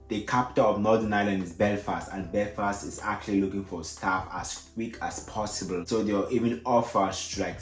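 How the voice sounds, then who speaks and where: Man, African accent, low voice, casual vlogger, filler-heavy explaining, roomy echo. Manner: casual, repeats himself, many fillers.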